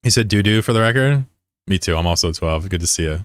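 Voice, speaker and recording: A man's voice: sits low, lively intonation, fast talker, no echo. A man streaming a game and chatting casually with his viewers, rambling and joking at his own expense. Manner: rambling and digressive, with many restarts; joking, self-deprecating.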